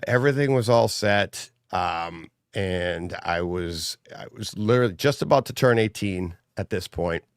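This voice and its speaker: A man's voice: low-pitched, measured pace, hardly any pauses, clean tone, dry recording, studio quality. A middle-aged man, a podcast guest, telling rambling family stories in casual chat and laughing as he goes. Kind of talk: casual storytelling.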